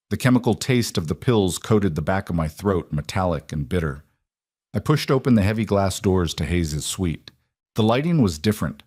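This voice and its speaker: A man narrating a first-person romance story in a steady, measured reading. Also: sits low.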